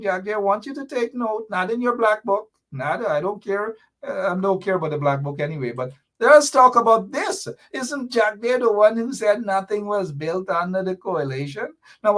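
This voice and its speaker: A middle-aged man with a Guyanese accent hosts a political commentary show, fiery and sarcastic, driving his points home with repeated jabs. His voice is high-pitched and a bit bright.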